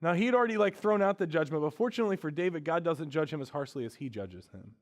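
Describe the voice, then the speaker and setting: A male pastor delivering a sermon in a conversational, everyday way. His voice sits a bit high for a man. He drops to hushed, quiet lines, then rises into emphatic, louder stretches. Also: animated, fast. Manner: conversational preaching, swings between hushed and emphatic.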